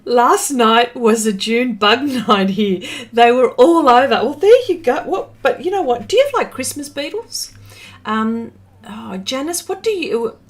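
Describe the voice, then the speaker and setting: A woman's voice: on the high side, lively intonation, a little slow. A middle-aged woman with an Australian accent, chatting casually on a livestream, laughing often and trailing off with fillers. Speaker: artist livestreaming. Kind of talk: casual livestream chat reading comments.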